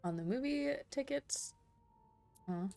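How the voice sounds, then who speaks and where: A woman's voice: high voice, animated, takes it slowly, warm tone, dry recording, soft background music. A woman playing a game, chatting casually as she reads its text aloud, laughing and correcting herself as she goes. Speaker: game streamer.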